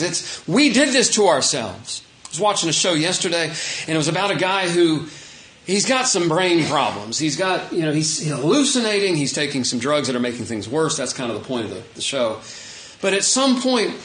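A man preaching an unscripted, conversational sermon as pastor, shifting between emphatic points and quiet asides. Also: a little high, roomy sound, low-quality recording.

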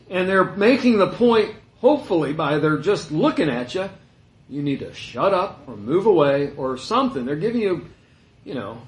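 Conversational preacher man in an echoey room. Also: sits high. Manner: conversational, anecdotal, shifts between loud and hushed. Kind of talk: sermon.

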